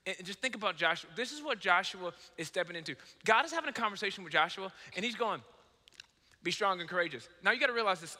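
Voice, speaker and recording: A high, strikingly bright male voice preaches with lively storytelling and self-mocking humor. He acts out conversations and swings between hushed moments and excited bursts. A long reverb from a large hall trails every phrase. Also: quick pace. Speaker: pastor. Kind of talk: sermon.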